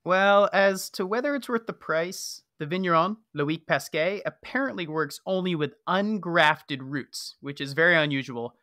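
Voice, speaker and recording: A man's voice: a little high, normal speed, few pauses, bright, forceful tone, no room sound, clean studio sound. A man co-hosting a wine podcast, explaining things in a wry, casual way. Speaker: podcast co-host. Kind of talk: casual chat.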